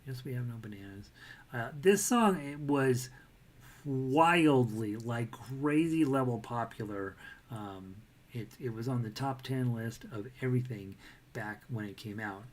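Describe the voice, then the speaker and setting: Slow, chatty ukulele teacher, man. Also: mid-range voice. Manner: chatty, self-deprecating, breaks into singing the melody. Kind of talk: casual music lesson with sung demonstrations. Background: ukulele playing.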